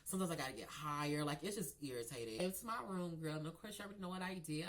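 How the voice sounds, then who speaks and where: A man's voice: a little high, racing, few pauses. A man spilling a story to his viewers in a casual vlog, sassy and gossipy. He keeps calling the audience girl and y'all. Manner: animated with laughs and sudden loud outbursts. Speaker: storyteller vlogger.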